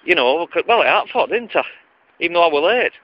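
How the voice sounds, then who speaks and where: A stubborn schoolboy protesting in thick Wigan dialect, as a man puts him on. The voice is pitched well up and pushed loud. The recording is dull and lo-fi. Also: expressive, quick pace, no echo.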